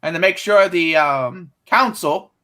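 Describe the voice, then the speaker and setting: A man's voice: a little high, unhurried, background noise, lightly acted. A man voicing a stiff, dutiful male separatist commando droid with a put-on Russian accent. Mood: stiffly dutiful.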